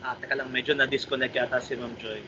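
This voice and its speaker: A man's voice: mid-range voice, little pitch movement. A man with a Filipino accent, a writing workshop trainer giving polite feedback over a video call, switching between English and Tagalog. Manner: polite, mixes English and Tagalog, reads sentences aloud slowly. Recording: slightly muffled call audio with faint noise.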